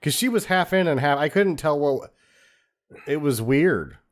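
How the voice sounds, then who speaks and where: A man's voice: on the high side, lively intonation, unhurried. A man co-hosting a movie-review podcast, critical and casually profane as he explains comedy timing. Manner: critical, explains film craft, swears casually. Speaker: podcast co-host.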